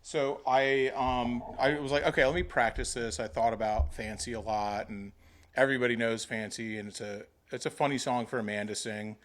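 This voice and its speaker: A man in casual conversation who rambles through his stories and swears freely. His pitch sits in an ordinary middle range. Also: steady tone, moderate pace. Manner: rambling, profane storytelling. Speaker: podcast host. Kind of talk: casual chat.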